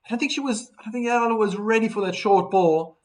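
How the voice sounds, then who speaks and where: A man's voice: high-pitched, quick pace. A man doing live tennis commentary on a stream, chatting and reading out viewer comments between points.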